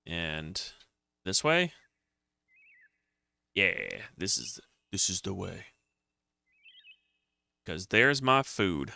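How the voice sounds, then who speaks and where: A man's voice: sits low, very animated, drawn-out words, creaky, pauses often, bright, forceful tone, dry recording. A man streaming a retro computer game, muttering to himself in casual commentary as he plays. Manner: muttering to himself while playing. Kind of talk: casual let's-play commentary.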